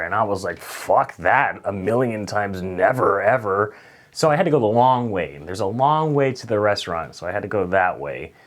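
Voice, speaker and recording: A young man telling a funny story straight to camera, swinging from loud acted-out outbursts to low mutters. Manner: animated, swings between loud outbursts and mutters, acts out voices. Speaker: storyteller vlogger.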